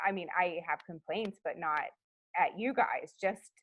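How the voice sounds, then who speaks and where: A woman's voice: fairly low pitch, normal speed, a bit bright, no room sound, rough recording. A woman in her thirties, a guest in a casual interview, telling stories in a chatty way with lots of fillers. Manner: chatty storyteller, many fillers, acts out quotes. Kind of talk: casual chat.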